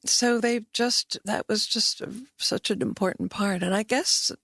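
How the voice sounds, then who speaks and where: A woman's voice: medium pitch, fairly even intonation, measured pace, vocal fry, fairly bright tone, husky, no room sound, clean studio sound. An older woman guest in a casual chat, playful and wandering, often restarting her sentences.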